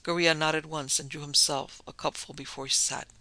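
Male narrator for a dark tale, gravelly, a touch high, faint music underneath. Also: flat delivery, normal speed, rough recording. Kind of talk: scripted story narration.

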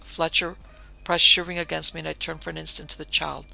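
Bright gravelly male audiobook narrator. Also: on the high side, flat delivery, fast, soft background music.

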